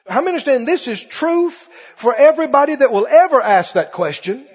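A man's voice: extremely high pitch, breathy edge. A man preaching a sermon with passion, acting out pleading prayers and the lines of scripture. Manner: impassioned, acts out pleading prayers and quotes. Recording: dull sound in a reverberant hall.

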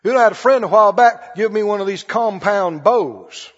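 High-voiced preacher, husky, in a reverberant hall. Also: male voice, animated, a little fast. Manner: conversational preaching, asks the congregation questions, acts out scenes. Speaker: pastor. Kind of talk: sermon. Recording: dull lo-fi audio with long hall reverb.

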